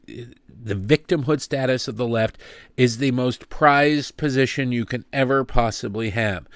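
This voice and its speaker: Brief: middle-aged male commentary host, indignant and sarcastic, mid pitch, dry close sound. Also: no echo. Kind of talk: opinionated political commentary.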